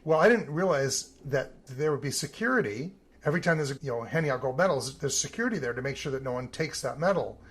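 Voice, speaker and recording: A man, an Olympic team photographer, telling animated stories in an interview. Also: medium pitch, quick pace, husky. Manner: animated anecdotal telling with some vivid emphasis. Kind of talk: interview storytelling.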